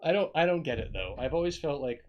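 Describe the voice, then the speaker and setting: A man's voice: fairly high pitch, fast talker, lo-fi sound. Rambling, swearing man in casual podcast chat. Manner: rambling, profane, animated storytelling. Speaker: podcast co-host.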